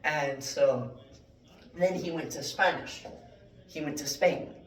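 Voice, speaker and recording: A man giving a mock classroom lecture, rambling through deadpan fake word origins with many fillers. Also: a little high, slow pace. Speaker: joke Latin teacher. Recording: echoey room, mic at a distance.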